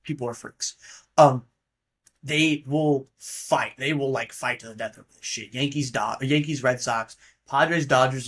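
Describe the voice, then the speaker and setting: A man's voice: mid-range voice, fairly bright tone. Rambling, offhand man hosting a podcast. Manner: rambling, offhand, swears casually. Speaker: podcast host. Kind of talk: casual solo monologue.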